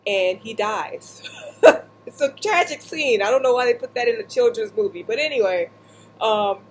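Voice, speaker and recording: A woman vlogger seated indoors, casually telling a story in an animated, joking way with lots of asides. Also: on the high side, moderate pace, slight background noise, low-quality recording.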